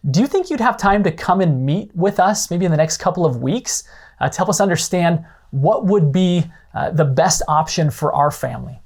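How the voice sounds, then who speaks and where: A man voicing an excited, polite woman on a phone call who is glad to hear from a recommended advisor. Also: fairly high pitch, moderate pace, vocal fry. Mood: warm. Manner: eager, polite.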